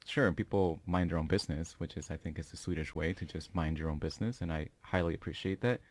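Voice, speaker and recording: An American man chats as a podcast guest in a very low voice. He talks easygoing and loose, circling his points with plenty of fillers. The recording is close and dry. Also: quick pace, no room sound. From United States. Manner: easygoing, many "you know" fillers. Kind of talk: casual podcast chat.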